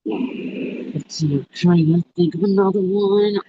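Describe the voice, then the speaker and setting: A guest on a live stream, speaking casually and hesitantly, with many ums and pauses. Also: medium pitch, dull audio.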